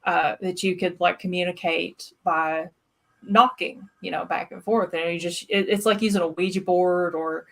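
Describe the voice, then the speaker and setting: A woman's voice: lowish voice, steady tone, moderate pace, vocal fry. A woman hosting a paranormal livestream, talking in a friendly, enthusiastic, casual way. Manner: friendly, enthusiastic, laughs easily. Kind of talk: casual interview and livestream chat.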